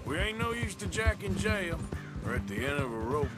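An actor playing a steady outlaw gang member in a video game, talking with a calm, reassuring drawl. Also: male voice, a little high, brisk. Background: loud game music.

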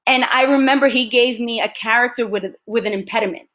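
A woman from the United States, an actress and interview guest, telling lively stories in a casual chat and laughing often. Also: fairly high pitch, fairly quick.

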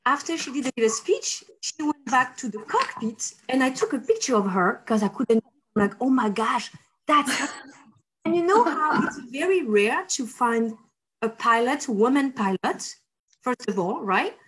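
Animated woman telling a story. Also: fairly high pitch, measured pace, rough recording. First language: French. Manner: animated, acts out quotes with laughs. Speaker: host. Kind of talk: casual storytelling chat.

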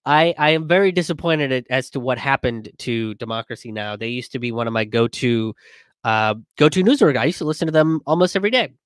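A comedian hosting a casual commentary stream, reading viewer comments and talking it through with lots of fillers and restarts. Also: male voice, medium pitch, a little fast, smooth, no echo, clean studio sound. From immigrant. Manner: conversational, many fillers and restarts, animated when quoting others.

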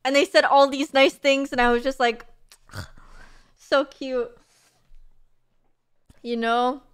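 Young woman streamer, high and smooth, gushing casual chat. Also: steady tone, unhurried. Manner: bubbly, gushing, many fillers and laughs. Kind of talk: casual chat reading messages.

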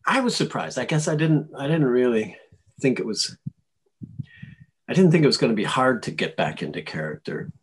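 Husky-voiced male actor telling stories. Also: mid-range voice, moderate pace. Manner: animated and chuckling, with frequent restarts. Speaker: actor guest. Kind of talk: casual interview storytelling.

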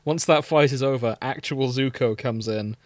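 A man's voice: mid-range voice, moderate pace, dry recording. A man co-hosting a podcast in casual chat, bantering and swearing with exasperation. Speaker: podcast co-host.

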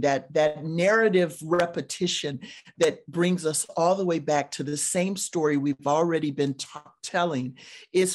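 A woman, a professor, discussing scripture over a video call in a halting, deliberate way, with frequent pauses and restarts. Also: deep voice. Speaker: seminary professor. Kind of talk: conversational theology discussion.

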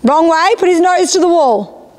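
A woman's voice: very high-pitched, expressive, moderate pace, darkish tone. A woman instructing a rider in a riding arena, encouraging and often checking that she understands. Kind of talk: live coaching of a rider.

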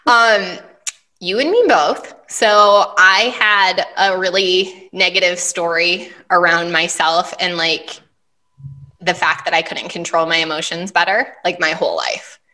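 A woman's voice: on the low side, measured pace, sharp tone. A woman hosting a casual podcast conversation, chatty and full of fillers, often acting out her own thoughts as quotes. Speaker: host, money and business mentor.

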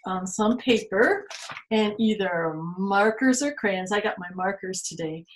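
A woman reading a picture book aloud to children and leading a drawing exercise, animated and quick to exclaim and laugh along with the pictures. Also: mid-range voice, a little hiss or hum. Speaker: children's museum storytime reader and art teacher. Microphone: phone or tablet camera. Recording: echoey room sound.

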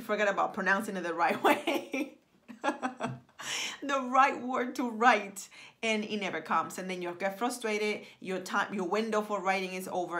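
A woman talking straight to camera as a writing coach, excitable and emphatic, repeating lines for effect and gesturing with her hands. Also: mid-range voice. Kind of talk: animated direct-to-camera pitch.

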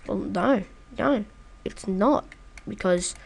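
A woman's voice: medium pitch, measured pace, gravelly, fairly bright tone. Woman, casual gameplay commentator, chatty and playful. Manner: chatty and playful, talking to the viewer. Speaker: gaming video creator. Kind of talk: casual let's-play commentary.

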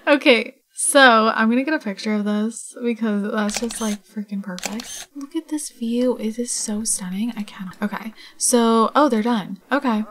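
A woman's voice: fairly high pitch, a little hiss or hum. A young woman casually commenting on her life-sim game, chatty and gushing, full of "like" and "oh my god". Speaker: gaming channel host. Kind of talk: casual let's play commentary.

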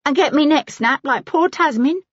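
A woman's voice: high-pitched, no echo, dull audio, pitched above the performer's own voice, natural voice. A woman narrator voicing a frightened, cheeky young street girl with brash slang, in an audiobook. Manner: brash, quick, working-class slang.

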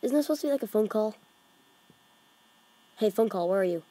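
A woman's voice: mid-range voice, lively intonation, brisk, mellow, no room sound. A woman hosting a horror game let's play, jumpy and exclaiming, often dropping to whispers. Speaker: gaming channel host.

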